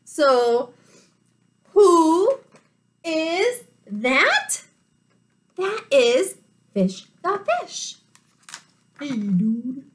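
High, lively woman reading to kids. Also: very slow, pauses often. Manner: animated, gasping, talks to young children. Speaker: teacher. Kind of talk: children's picture-book read-aloud.

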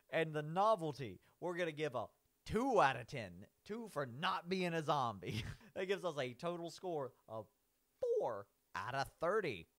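A man's voice: a little high, very animated, unhurried, fairly bright tone. A man giving casual, rambling commentary as he rates cartoon villains. He keeps saying "like", restarts his sentences and laughs at his own points.

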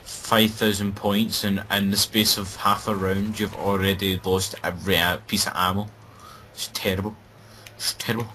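A man's voice: low-pitched, flat delivery, normal speed, few pauses, sharp tone, slight background noise, low-quality recording. A Scottish man chatting casually and sarcastically while playing a game. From Scotland. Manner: joking, sarcastic banter. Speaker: gaming commentator. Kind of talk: casual gameplay chat.

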